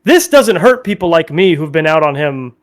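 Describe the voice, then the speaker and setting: Male panelist, high-pitched, profane heated rant. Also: sing-song, moderate pace. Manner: profane, blunt, ranting. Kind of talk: heated political debate.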